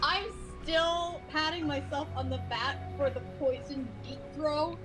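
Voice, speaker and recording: A woman chatting excitedly on a live game stream as one of the players, often laughing. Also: sits high, measured pace. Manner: giggly, excitable. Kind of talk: casual chat on a live stream. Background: background game music.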